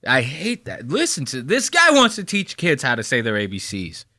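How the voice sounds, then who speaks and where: A man in his thirties from New Jersey rants through a reaction video. His voice is bright and swings widely in pitch as he mocks and curses. The sound is dry and close. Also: huge pitch swings, moderate pace, no room sound. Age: 30s. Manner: profane, ranting, sarcastic. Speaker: commentary host. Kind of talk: casual reaction commentary.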